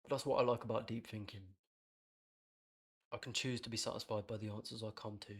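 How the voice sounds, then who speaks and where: Blunt, lower-voiced man. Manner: blunt and reflective, swears freely. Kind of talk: candid personal podcast talk.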